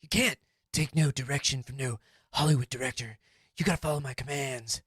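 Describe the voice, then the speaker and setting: A man plays a pompous martial-arts action star who makes slow, low threats. The sound is dry and close. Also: fairly bright tone, breathy edge, dry recording. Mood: menacing.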